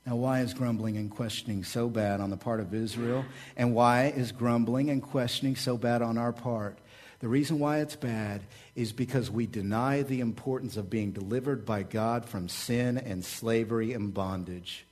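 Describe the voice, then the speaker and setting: A man, the pastor, preaching a sermon with energetic, repetitive rhetoric and casual asides. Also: medium pitch, normal speed.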